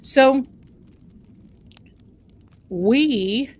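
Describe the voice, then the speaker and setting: A woman's voice: sits high, drawn-out words, a little mellow. A woman hosting a live stream who tells a chatty, folksy, self-mocking story. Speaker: livestream host.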